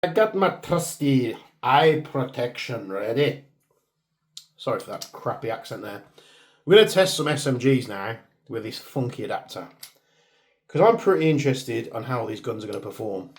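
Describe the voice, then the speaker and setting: A man hosting a hands-on airsoft test, talking casually and muttering to himself as he works the gear. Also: medium pitch. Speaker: airsoft channel host. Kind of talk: casual hands-on product testing. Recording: clear background noise.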